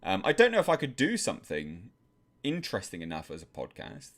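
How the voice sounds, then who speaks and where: A young man from England hosting a live stream, calmly reading out viewer messages and answering them in a measured way. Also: low-pitched.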